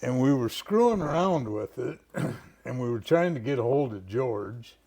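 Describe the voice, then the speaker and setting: An older man with a gravelly, creaky voice tells a story at an unhurried pace. He chuckles and clears his throat as he reminisces casually about old times. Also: medium pitch, lively intonation, warm tone. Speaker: family friend.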